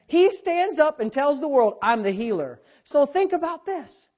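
A man's voice: very high voice, measured pace. A man in his thirties preaching a sermon as a pastor, acting out voices and calling on the congregation to answer. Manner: animated preaching, acts out God's voice and calls for responses. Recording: dull lo-fi sound.

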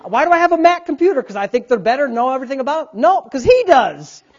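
A man preaching a sermon as pastor, swinging between loud bursts and quiet asides. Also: extremely high pitch, very animated, fast. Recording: dull lo-fi sound.

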